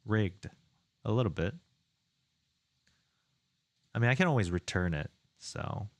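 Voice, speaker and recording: A man with a deep voice chats unhurriedly on a live stream while he works on his game. He mutters to himself as he tests things and reads viewer messages aloud. The sound is dry and close, with keyboard clicks behind him. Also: slow pace, long pauses, no echo. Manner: relaxed, muttering to himself, reading chat aloud. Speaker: indie game developer streaming. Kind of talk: casual live-stream chat while working.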